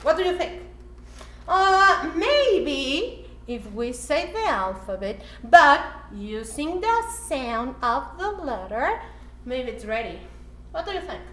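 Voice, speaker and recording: A woman whose first language is Spanish gives a playful cooking lesson to children, talking in an animated, sing-song way with many excited gasps. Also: high voice, slow pace, reverberant, slight background noise. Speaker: teacher for children.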